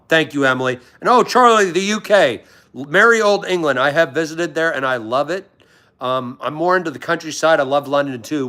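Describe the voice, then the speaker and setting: A man's voice: medium pitch, a bit bright. A man from Washington, D.C., hosting a casual livestream, chatting in a friendly, rambling way and greeting viewers by name. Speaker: livestream host. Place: at home in pajamas.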